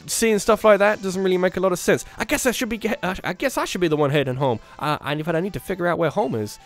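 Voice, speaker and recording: Rambling man commenting on a game. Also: sits high. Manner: rambling, self-interrupting, joking asides. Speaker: let's play host.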